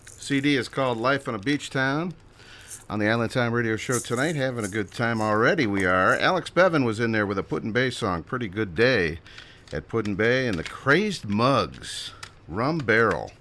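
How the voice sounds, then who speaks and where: A man's voice: medium pitch, lively intonation, moderate pace, bright, forceful tone, a little hiss or hum. A man hosting a radio show in a chatty, upbeat, rambling way, a little out of breath.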